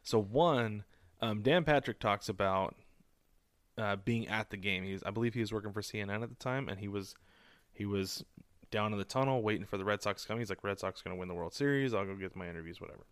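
Man, low pitch, dry sound, casual podcast co-host, animated storyteller. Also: fast, clear, resonant tone, no echo. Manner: animated storyteller, quotes people in lowered voice. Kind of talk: casual chat.

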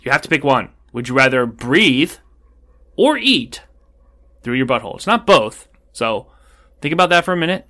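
A man co-hosting a podcast in casual chat, animated and teasing, often laughing. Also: medium pitch, fairly quick. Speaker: podcast co-host.

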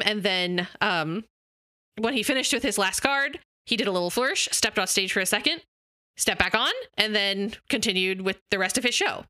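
A woman on a podcast, sharing a tale in a loose, chatty way, full of "um"s and little laughs. Her tone is bright and clear. The sound is close and dry, with no room echo. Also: medium pitch. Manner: storytelling with filler words, laughing. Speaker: podcast co-host. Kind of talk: casual chat, retelling a story.

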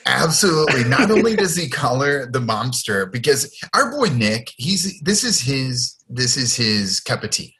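Animated guy cohosting a podcast, bright voice, jumps all over in pitch. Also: moderate pace, few pauses. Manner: animated, laughs while retelling scenes. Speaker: podcast co-host. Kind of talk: casual chat.

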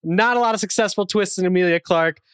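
A man's voice: high voice, quick pace, fairly bright tone, smooth, no room sound. A man co-hosting a podcast in casual chat, making dry, wry quips. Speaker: podcast co-host.

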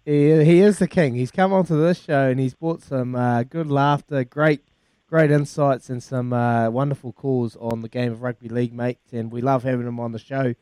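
A man's voice: mid-range voice, fairly even intonation, normal speed, mellow, clear, resonant tone, no echo. A man co-hosting a sports radio show, chatting in a teasing, friendly way. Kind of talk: casual radio chat.

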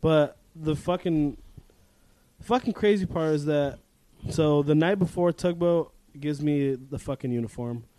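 A man's voice: on the high side, measured pace, warm tone, dry recording. A man co-hosting a casual podcast, telling a story with lots of swearing, acting out the people he quotes and laughing often. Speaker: podcast co-host.

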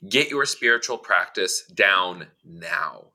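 Blunt, swearing male co-host with a sharp, very bright tone. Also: sits low, lively intonation, slow. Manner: blunt and emphatic, swears freely. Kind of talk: casual chat.

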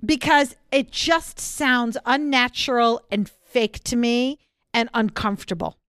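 A woman's voice: on the high side, measured pace, fairly bright tone, smooth, dry recording, studio quality. A woman who writes books, chatting candidly on a podcast and often poking fun at herself. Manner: candid and self-deprecating. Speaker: podcast guest, author. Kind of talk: frank casual chat.

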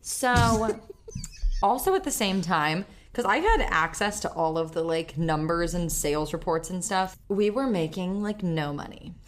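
A young woman co-hosting a podcast, telling a story in casual chat, animated, swearing freely and laughing often. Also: on the low side, unhurried. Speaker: podcast co-host.

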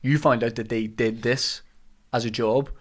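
A man's voice: mid-range voice, fairly even intonation, normal speed. A man hosting a podcast in casual chat, easygoing, asking questions and joking about himself. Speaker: podcast host.

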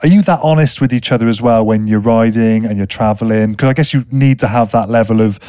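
A man's voice: mid-range voice, fast talker, darkish tone, smooth, no room sound, clean studio sound. A man hosting a podcast, asking long, thoughtful questions in a conversational tone. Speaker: podcast host, interviewer. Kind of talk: conversational interview.

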